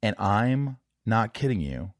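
This podcast host's voice is on the low side and sing-song, with a slow pace. In a candid interview conversation, he speaks confessionally, swears casually, and stumbles into restarts. It's a dry, studio-quality recording.

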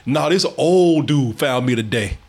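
A man's voice: medium pitch, expressive, unhurried, darkish tone. A man telling a story in casual chat, swearing often, laughing a lot and restarting his sentences.

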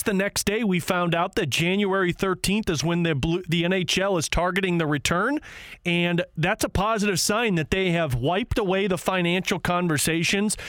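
A man's voice: high voice, fairly bright tone, no echo. A man co-hosting a sports podcast, chatting and teasing his co-host in an easygoing way. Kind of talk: casual chat.

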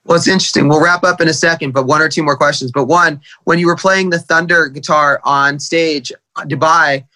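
A man's voice: a little high, fairly even intonation, brisk, bright, forceful tone. A male podcast host asking conversational, rambling interview questions.

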